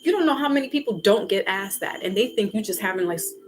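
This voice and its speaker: A woman vlogger giving a casual spiritual pep talk in an animated, slangy way, acting out little quoted exchanges. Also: medium pitch, fast talker, slight background noise.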